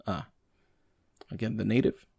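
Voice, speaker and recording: A man, a native English speaker, reading language lesson notes aloud to himself, slowing down over examples. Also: warm tone, no room sound. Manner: reads text aloud with fillers and restarts, slow over examples.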